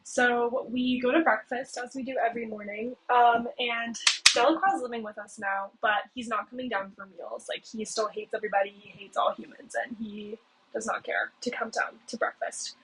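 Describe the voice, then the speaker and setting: A woman's voice: steady tone, normal speed, fairly bright tone. A young woman hosting a video, casually recapping a story in a chatty way, with lots of "like" and "okay?". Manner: chatty, heavy use of "like" and "okay?". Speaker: video host. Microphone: cheap home mic. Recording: noisy low-quality home mic with clicks.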